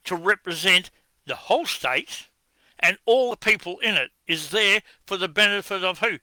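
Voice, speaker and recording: Australian man with a high, bright voice, combative monologue, dry close sound, answers his own questions. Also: a little slow, no room sound. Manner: combative, accusing, rhetorical questions. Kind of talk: ranting address to camera.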